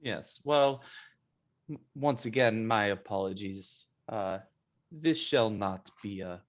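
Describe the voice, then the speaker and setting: A man's voice: lowish voice, slow pace, highs cut off. A man voicing a courteous spellcaster who speaks formally and apologetically. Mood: formal apology. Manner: stiff, formal, apologetic speech.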